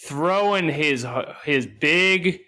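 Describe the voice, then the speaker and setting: A man's voice: on the high side, animated, extremely slow, bright, forceful tone. A man co-hosting a podcast, riffing in casual comedic chat with mock outrage and swearing. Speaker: podcast co-host.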